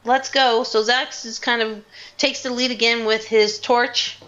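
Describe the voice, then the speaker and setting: A woman runs a tabletop game at an unhurried pace. She narrates with hesitations and restarts. The recording is dull and lo-fi. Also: a little high, fairly even intonation, sharp tone. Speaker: game master.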